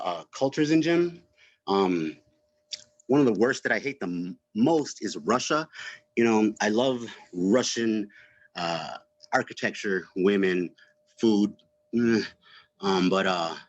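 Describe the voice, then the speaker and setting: Rambling low-voiced man doing stand-up. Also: no room sound. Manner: rambling, many fillers and self-interrupting laughs. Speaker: open mic comedian. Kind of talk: stand-up comedy set. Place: home. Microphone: home livestream mic. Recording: dull, dry, lo-fi stream audio.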